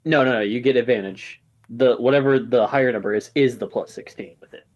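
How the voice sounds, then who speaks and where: A man's voice: mid-range voice, darkish tone. A man narrating a tabletop game as game master, talking casually with fillers. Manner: casual, halting, with fillers and restarts.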